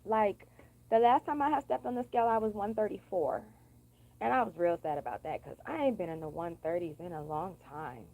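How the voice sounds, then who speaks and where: A woman's voice: mid-range voice, expressive, a little fast, mellow, poor audio. A young woman venting in a blunt, profane, sassy monologue for her vlog. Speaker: vlogger.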